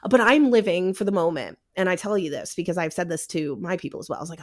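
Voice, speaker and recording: Animated, foul-mouthed woman chatting. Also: fairly low pitch, quick pace, hardly any pauses. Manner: animated, swears freely, acts out quotes. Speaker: paranormal investigator guest. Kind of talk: casual podcast chat.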